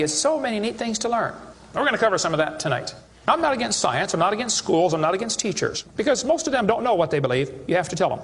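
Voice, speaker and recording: A man's voice: sits high, fairly bright tone, slightly rough, long reverb tail. A man giving a creationist seminar lecture to an audience, sarcastic and mocking as he tells stories.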